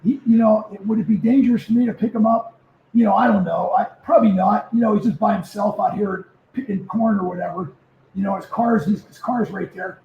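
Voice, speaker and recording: A man in his seventies, a former football player, telling stories as a guest in a casual interview, lively and prone to repeating himself. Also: high voice, brisk, vocal fry, a little hiss or hum. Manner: animated storyteller who repeats words. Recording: echoey, muffled remote audio.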